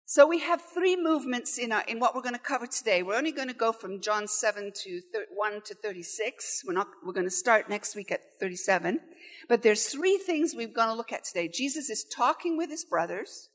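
A woman preaching a sermon in a church, conversational and animated, acting out quoted voices. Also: fairly high pitch, fairly quick.

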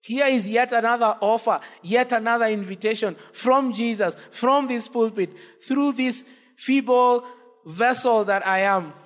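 A man's voice: high voice, moderate pace, few pauses, a bit bright, in a large hall. A man preaching a sermon from a pulpit, impassioned, his voice swelling on repeated cries and appeals. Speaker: pastor. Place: church with long reverb.

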